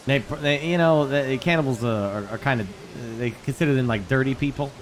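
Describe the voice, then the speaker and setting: A man in casual in-character role-play chat as an inspector, talking in a hesitant, stammering, deadpan way. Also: medium pitch, fairly quick.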